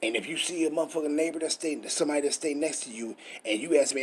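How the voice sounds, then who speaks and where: A man's voice: on the high side, expressive, a little fast, husky. A man teaching scripture in a preachy, emphatic way, full of rhetorical questions and swearing. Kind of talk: street-style scripture teaching.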